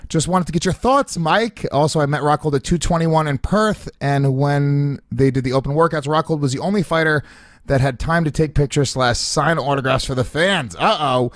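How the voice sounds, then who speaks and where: A man's voice: on the high side, moderate pace, dry recording, studio quality. A man co-hosting a podcast, reading out listener questions and trading teasing banter. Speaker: podcast co-host. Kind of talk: casual podcast chat.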